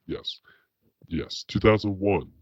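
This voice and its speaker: A man co-hosting a casual podcast, delivering absurd claims in a deadpan, halting way. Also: low voice, dry recording, lo-fi sound. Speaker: podcast co-host. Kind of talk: casual chat.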